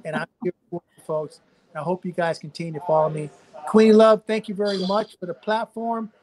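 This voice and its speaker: A man's voice: high-pitched, flat delivery, brisk, a little mellow, low-quality recording. An older man with a Louisiana Southern accent, a physician guest talking folksy and preachy in a live online chat over a video call.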